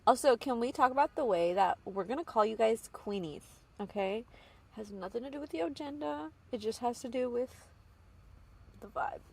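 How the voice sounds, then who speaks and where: A woman's voice: fairly high pitch, lively intonation, moderate pace, vocal fry, slightly rough. A woman co-hosting a podcast in casual chat, playful and giggly, often dropping into whispered asides. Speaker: podcast co-host.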